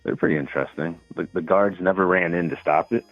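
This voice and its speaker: A man's voice: deep voice, quick pace, no room sound, soft background music. A man calling in, telling stories in a laid-back, casual way with lots of fillers. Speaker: caller. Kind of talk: casual phone call. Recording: tinny phone line.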